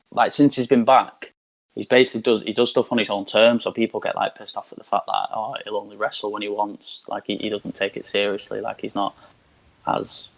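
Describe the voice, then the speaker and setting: Male guest with a low voice, loose and rambling in casual chat. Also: vocal fry. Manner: rambling, heavy use of "like". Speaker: podcast guest.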